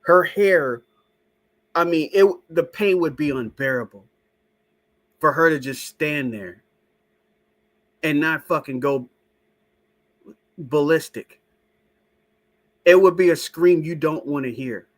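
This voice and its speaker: A high-voiced man hosting a loose live stream. He swears freely, doubts what he is shown, and keeps turning to his chat with a profane, skeptical edge. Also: slow pace, long pauses. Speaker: show host. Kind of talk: casual live-stream talk.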